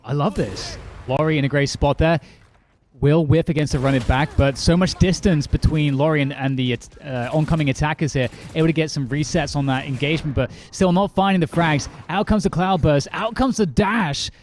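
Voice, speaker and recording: A young man casting an esports match play-by-play, brisk and light-hearted, with self-deprecating jokes. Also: fairly high pitch, darkish tone, slight background noise. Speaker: esports caster. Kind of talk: play-by-play commentary. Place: lives in California, casting remotely from London.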